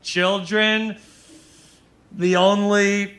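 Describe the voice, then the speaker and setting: A man doing a stand-up set with crowd work, brash and sarcastic, shouting some punchlines. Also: high-pitched, level tone, extremely slow, background noise. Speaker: stand-up comedian. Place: comedy club stage with laughing audience. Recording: live club recording with audience laughter. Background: crowd laughter.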